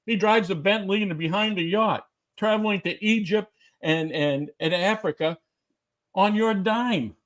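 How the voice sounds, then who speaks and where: A man's voice: high voice, unhurried. A man being interviewed on a podcast, talking emphatically and firing off rhetorical questions. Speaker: guest. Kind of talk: animated interview talk.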